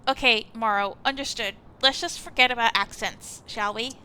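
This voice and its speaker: A woman's voice: fairly high pitch, normal speed, bright, forceful tone, clear, resonant tone, rough recording. A woman voicing a guarded young androgynous woman who answers curtly and dryly, reading a visual novel aloud.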